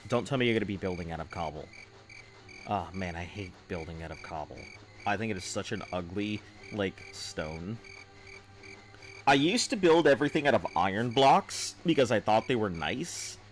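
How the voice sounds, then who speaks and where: A man's voice: lowish voice, very animated, moderate pace. A man streaming a game, chatting casually with viewers in a rambling, offhand way full of fillers. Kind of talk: casual live-stream chat.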